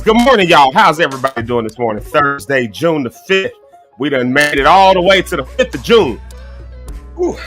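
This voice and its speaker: A man hosts a casual morning livestream. His voice is bright and forward, and he talks to his viewers in a chatty, folksy way. His throat is clogged and he keeps coughing, and faint music plays behind him. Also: mid-range voice. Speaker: host.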